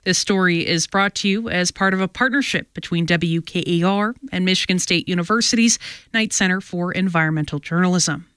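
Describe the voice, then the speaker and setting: Smooth-voiced woman reading local radio news. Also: fairly low pitch. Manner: measured, even newsreading. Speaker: local newscaster.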